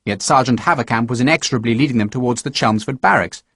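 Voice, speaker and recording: A man narrating an audiobook with a steady, measured reading. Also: mid-range voice, breathy edge, dry recording, studio quality.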